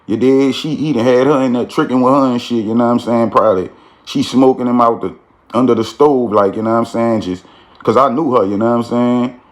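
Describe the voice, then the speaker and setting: A man's voice: medium pitch, steady tone, brisk. A man telling a street story in a casual, slangy way, with frequent "you feel me" tags.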